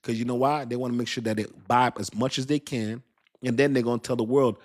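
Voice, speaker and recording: A man's voice: mid-range voice, brisk, darkish tone. A middle-aged man hosting a casual crypto talk. He reads chat comments aloud, repeats himself for emphasis and laughs at his own lines. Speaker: crypto channel host.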